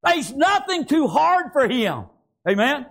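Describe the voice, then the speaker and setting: A man's voice: extremely high pitch, very animated, takes it slowly, creaky, fairly bright tone. A man preaching a fervent sermon, breaking often into "praise God" and asking the congregation "Amen?". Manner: fervent, repeats praise phrases and call-and-response "Amen?".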